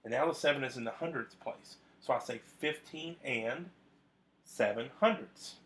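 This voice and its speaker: A man's voice: medium pitch, normal speed, fairly bright tone, a little hiss or hum. A man teaching a video math lesson to his students, talking conversationally with frequent fillers and restarts.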